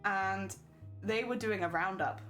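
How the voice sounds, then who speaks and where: A woman's voice: mid-range voice, measured pace, a bit bright, soft background music. A young woman streaming, chatting casually and laughing often while she reads chat.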